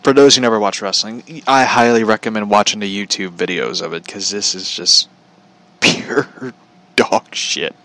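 A man's voice: on the low side, steady tone, moderate pace, bright, forceful tone, poor audio. A man giving a casual, sarcastic rant about wrestling, laughing often as he talks. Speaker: commentator.

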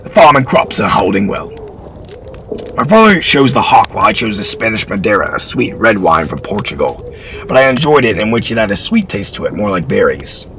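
Expressive low-voiced male storyteller. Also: brisk, a little hiss or hum, poor audio. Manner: expressive reading. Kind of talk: reading historical fiction aloud.

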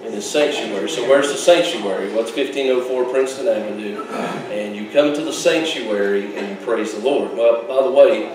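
A male pastor preaches in a relaxed, folksy way, mixing jokes into his points. His voice rings out from a little distance in a very echoey church sanctuary, with faint room noise behind. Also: medium pitch, moderate pace, few pauses. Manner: folksy, joking asides with laughs. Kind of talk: sermon.

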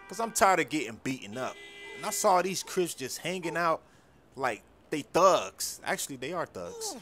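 A man narrating and voicing the lead in a game story video, excitable and slangy. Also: on the high side, normal speed, soft background music. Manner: excitable, slangy, often yelling for help.

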